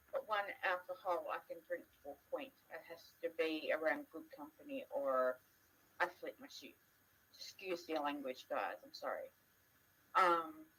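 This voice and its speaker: A woman's voice: on the low side, fairly bright tone, husky, low-quality recording. A young woman telling stories in casual chat, blunt and swearing freely as she talks to her mother.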